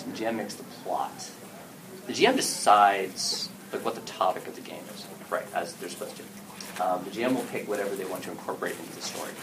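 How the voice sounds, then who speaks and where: A man giving a casual talk to an audience at an event about story games, speaking animatedly and acting out what players and game masters say. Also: fairly low pitch. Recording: distant mic with clear background noise.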